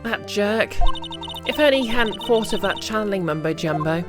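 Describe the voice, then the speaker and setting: A man's voice: high-pitched, expressive, moderate pace, pitched above the performer's own voice. A man voicing a scheming, bitter young woman from a video game, with a valley-girl manner, while reading game dialogue on stream. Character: scheming young female ex-nurse unmasked, bitter. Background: game music.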